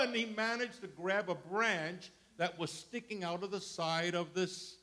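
An older man, a grandfather, preaching a sermon with dramatic storytelling that swings from loud outbursts to hushed asides. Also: sits high, measured pace, hardly any pauses. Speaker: pastor.

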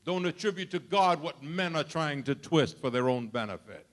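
An older man, a grandfather, preaching a sermon with dramatic storytelling that swings from loud outbursts to hushed asides. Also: fairly high pitch, animated, normal speed. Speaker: pastor.

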